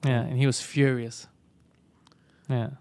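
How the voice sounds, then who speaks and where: A man hosting a podcast, telling an animated, profane story in casual chat. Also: medium pitch, slow, no echo. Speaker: podcast host.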